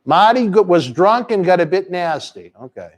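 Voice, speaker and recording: A high-voiced man hosts a live chat stream with brash energy. He plugs upcoming shows in quick promotional patter and slips into crude teasing. His tone is loud and playful. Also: very animated. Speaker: host.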